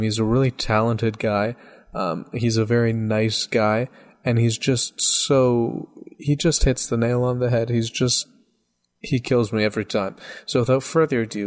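Easygoing male radio host, rambling. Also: fairly low pitch. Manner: relaxed, rambling with fillers. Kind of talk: introducing a comedy bit on radio.

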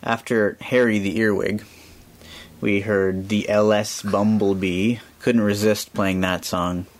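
A man's voice: on the low side, level tone, slow pace. A man hosting a children's music radio show, chatting casually and explaining things simply for kids.

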